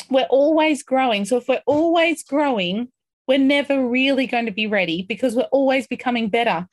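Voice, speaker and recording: A woman coaching a group on a call, upbeat and encouraging, talking through feelings and sometimes acting out excitement. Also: high-pitched, no echo. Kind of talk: motivational coaching talk.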